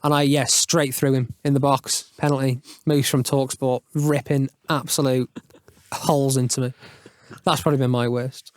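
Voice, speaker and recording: A man hosting a podcast in a studio, telling football stories in an animated, swearing manner with laughs. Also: medium pitch, normal speed, no echo. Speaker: podcast host. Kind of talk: casual storytelling chat.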